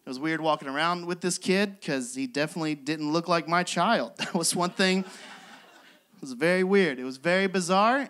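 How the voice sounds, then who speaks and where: A man's voice: fairly high pitch, sharp tone. A young man doing a self-deprecating stand-up set on a club stage, often laughing through his lines. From West Virginia. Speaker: stand-up comedian.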